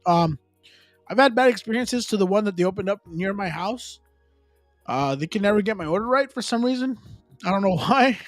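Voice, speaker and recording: A man's voice: high voice, lively intonation, moderate pace, dry recording, soft background music. A man, chatting casually as a live stream host, rambling loosely with slang and Spanish asides. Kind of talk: casual chat.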